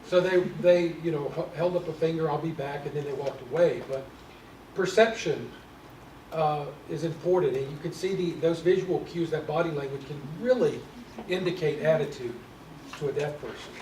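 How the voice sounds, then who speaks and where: A man tells stories from his own life in an earnest way. His voice sits a bit high for a man. He is recorded from across a reverberant room. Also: normal speed, a little mellow, a little hiss or hum. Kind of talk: sharing personal experiences. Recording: echoey room from far off.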